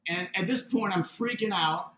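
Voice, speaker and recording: A man telling a story in a casual interview, animated and acting out the voices of the people in it. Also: sits high, normal speed, reverberant, a little hiss or hum, rough recording. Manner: animated, acts out quoted dialogue. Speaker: interview guest, building owner.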